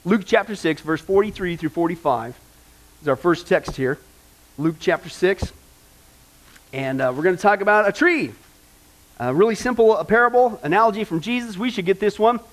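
A man's voice: high voice, lively intonation, normal speed. A man pastor giving a folksy sermon, often asking the congregation questions.

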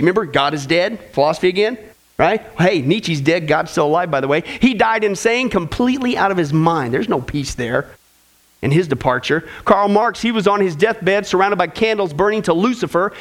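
Man, preacher, sermon, very high voice, emphatic, rhetorical questions. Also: lively intonation, fast, fairly bright tone. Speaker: preacher teaching a Bible study.

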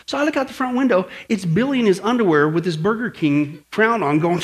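A man's voice: high voice, fast, hardly any pauses. A middle-aged man preaching a sermon on apologetics. He tells stories animatedly and keeps asking the listeners "right?". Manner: animated storytelling with acted shouts and asides. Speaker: pastor teaching apologetics.

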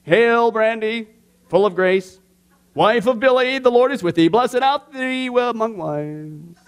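A man putting on a slow, overly solemn voice, mock-praying in pompous old-fashioned English. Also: very high voice, lively intonation, clean tone, full character voice.

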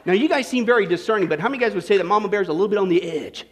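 A man's voice: sits high, lively intonation, very fast, a little hiss or hum. A male pastor preaching a sermon in a jokey way, talking with his audience and checking in with "right?" and "okay?".

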